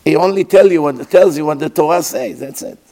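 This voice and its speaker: A man giving a sermon as a rabbi, telling a story with pauses and acted-out sounds. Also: fairly high pitch, creaky, warm tone.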